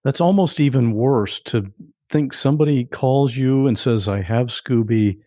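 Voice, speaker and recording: A man's voice: medium pitch, a little slow, dark tone, no echo, clean studio sound. A man hosting a podcast, chatting casually and reacting to his guest's story. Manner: conversational, responds to the guest's story. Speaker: podcast host. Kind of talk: casual interview chat.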